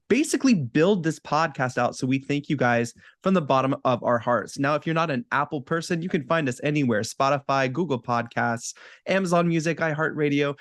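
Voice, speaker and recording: A man's voice: fairly high pitch, dry recording, clean studio sound. A man co-hosting a podcast in a casual chat, upbeat and chatty, laughing easily. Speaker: podcast co-host.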